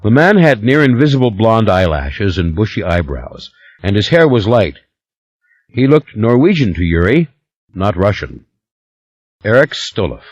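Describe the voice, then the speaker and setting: A man narrating an audiobook in a measured, expressive reading voice. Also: fairly low pitch, dry recording, dull audio. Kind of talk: scripted narration.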